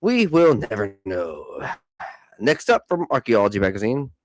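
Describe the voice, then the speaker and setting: A man hosting a podcast, reading news articles aloud with casual joking asides, stumbling over hard words, and saying he is high. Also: huge pitch swings, unhurried, no echo. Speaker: podcast host.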